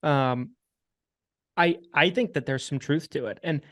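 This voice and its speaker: Slightly high-voiced man, dry close sound. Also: dry recording. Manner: measured, repeats himself, lists points. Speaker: podcast host and insurance agent. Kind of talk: casual podcast discussion.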